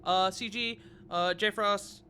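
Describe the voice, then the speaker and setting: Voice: mid-range voice, takes it slowly, slight background noise. A game master chatting casually with players while running a tabletop game, telling stories with lots of laughs. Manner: animated, laughing storyteller.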